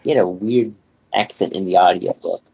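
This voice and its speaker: A man's voice: low-pitched, normal speed, gravelly, breathy edge, rough recording. Laid-back male podcast guest. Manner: relaxed fan talk with laughs and "you know"s. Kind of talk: casual chat.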